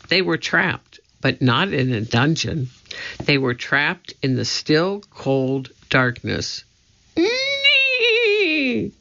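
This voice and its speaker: A man narrating a children's storybook in a measured, suspenseful way. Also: medium pitch, creaky, sharp tone. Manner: slow, measured, suspenseful reading. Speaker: audiobook narrator. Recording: dull lo-fi recording.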